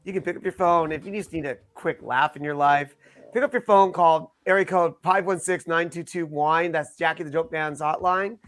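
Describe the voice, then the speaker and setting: A man with a fairly high voice co-hosts a casual podcast. He chats and jokes with quick asides. The sound is dry and close. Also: fairly even intonation, fairly bright tone, dry recording. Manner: chatty, joking, quick asides. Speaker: podcast co-host. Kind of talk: casual chat.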